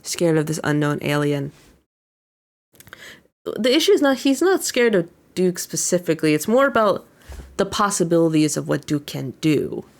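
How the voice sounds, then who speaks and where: Low, gravelly-voiced young woman recapping. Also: big pitch swings, moderate pace. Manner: recaps scenes by paraphrasing characters with many fillers. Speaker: VTuber reacting to an anime episode. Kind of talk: casual commentary.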